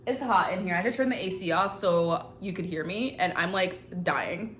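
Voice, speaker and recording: A woman's voice: on the low side, moderate pace, a bit bright, soft background music. A woman hosting her own show, giving frank, profane advice in casual chat to camera from a hot indoor room. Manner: blunt and profane, frank girlfriend-to-girlfriend talk. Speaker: host.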